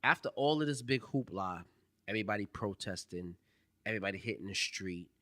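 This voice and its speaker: Man, podcast co-host, casual chat, teasing, lively pitch, dry sound. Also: a little fast, no room sound. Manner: animated, teasing, drops into low emphatic tones.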